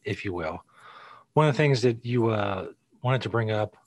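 A man co-hosting a casual podcast chat, laid-back, with dry asides and quick chuckles. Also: fairly low pitch, expressive, no room sound. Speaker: co-host.

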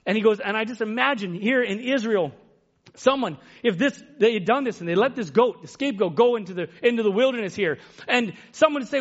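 A male preacher delivering an emotional sermon, swinging from loud exclamations to hushed near-whispers. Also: high voice, a little fast, muffled recording.

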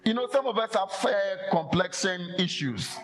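Animated preacher man, high lively voice. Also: normal speed, a little hiss or hum. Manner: animated, acts out quoted voices, laughs often. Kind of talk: lively sermon.

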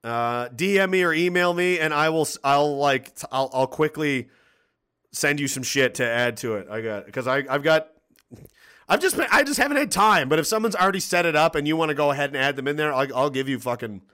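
A man's voice: fairly high pitch, fairly quick, clean tone. A man hosting a casual livestream, reading viewer messages aloud, cursing freely and laughing often. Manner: profane, animated, laughs often, reads chat aloud.

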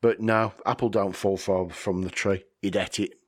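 A man's voice: on the low side, steady tone, normal speed. A man hosting a podcast, rambling casually, swearing freely and chuckling often. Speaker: podcast host.

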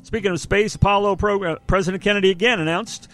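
A man's voice: high voice, steady tone, quick pace, a bit bright. A man in his sixties hosting a casual podcast chat, rambling and laughing at his own asides. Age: 60s. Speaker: podcast host.

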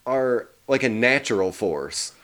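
A man co-hosting a casual movie review chat, swearing freely and pausing on fillers. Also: mid-range voice, expressive, a bit bright. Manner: profane, hesitant with fillers. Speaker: podcast co-host.

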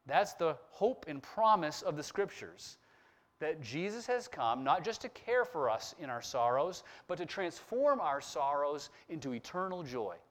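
A man preaching a sermon in a fairly high voice that swings widely in pitch. He slows down and leans on the words when he reads scripture, then returns to a plainer explaining tone. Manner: expressive preaching, slowing down on scripture quotes. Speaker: pastor.

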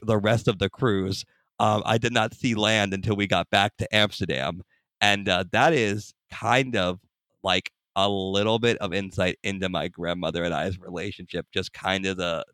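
Bright-voiced young man telling a story. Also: low-pitched, no echo, clean studio sound. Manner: animated, acts out voices in anecdotes. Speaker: guest. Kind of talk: casual storytelling.

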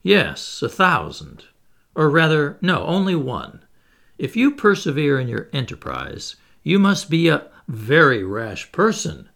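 A man voicing a stubborn male skeptic who keeps pressing sharp, doubting questions, a little higher than his narration. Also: huge pitch swings, measured pace, vocal fry, full character voice. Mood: insistent. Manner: challenging, insistent questions.

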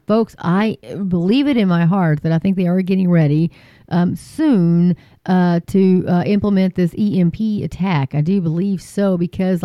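Woman from the US, low voice, talkative and emphatic, dry muffled recording. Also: no echo. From United States. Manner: chatty and emphatic, many fillers, rising to pleading. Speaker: online show host. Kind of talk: casual commentary to viewers.

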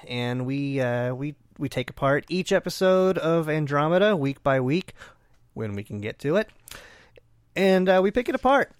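A man hosting a podcast in casual chat, easygoing and relaxed. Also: medium pitch, no echo, clean studio sound. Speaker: podcast host.

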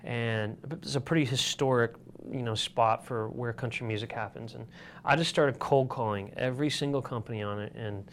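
Brief: man from Michigan, mid-pitched guest, loose rambling storyteller. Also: steady tone, moderate pace, a little hiss or hum. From Michigan, USA. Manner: rambling, with filler words and restarts. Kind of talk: casual storytelling.

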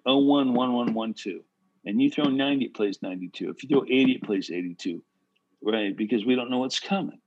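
A man who played pro baseball giving casual, animated advice to pitchers, full of "bro" and "right?". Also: slightly rough, dull audio. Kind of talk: casual coaching talk.

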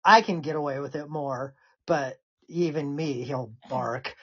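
Woman, very husky voice, low pitched, relaxed casual chat, laughs a lot, muffled lo-fi sound. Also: a little slow. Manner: laid-back, laughs often. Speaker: podcast host.

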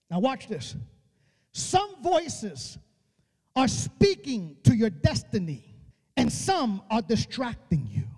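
A male preacher giving an emphatic, colloquial sermon, acting out dialogue and rising to shouts. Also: very high-pitched, very animated, a little slow. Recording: long reverb of a church hall.

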